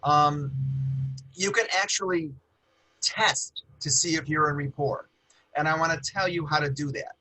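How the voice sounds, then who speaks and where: A middle-aged man who talks fast and animated, teaching sales skills on a video call. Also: on the high side, a little hiss or hum, low-quality recording. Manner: fast-talking, animated, with hand gestures. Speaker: guest trainer on a webinar. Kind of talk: casual webinar teaching.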